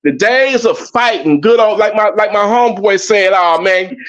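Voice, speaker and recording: In a casual podcast conversation, a guest tells a story in an emphatic, profane way, his high voice animated at a moderate pace. The recording is dull and lo-fi.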